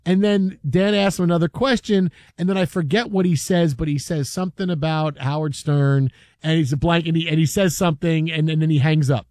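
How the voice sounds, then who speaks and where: A man hosting a sports talk show who tells a story in a lively, casual way, slipping into the voices of the people he quotes. His voice sits fairly high for a man. The sound is dry and close. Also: brisk, dry recording. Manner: animated, acts out quotes.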